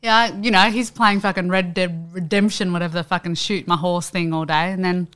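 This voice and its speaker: A woman's voice: on the low side, steady tone, a little fast, a bit bright, clear, resonant tone. A young woman co-hosting a podcast, talking candidly and bluntly in casual chat. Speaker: podcast co-host.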